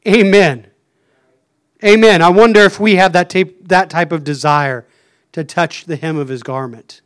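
A man's voice: a little high, steady tone, measured pace, clean tone. A man preaching a fervent sermon, stopping often to say "Amen.". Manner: fervent, punctuates phrases with "Amen".

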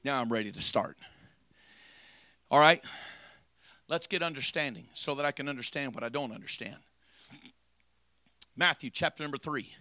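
A man preaching a sermon, moving from quiet storytelling to loud, drawn-out preaching. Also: medium pitch, dry recording.

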